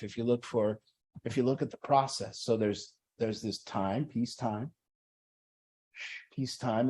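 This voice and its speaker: A man's voice: medium pitch, a little mellow. A man talking earnestly to a recovery group, acting out people's inner voices as he explains. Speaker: group facilitator. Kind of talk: motivational group talk.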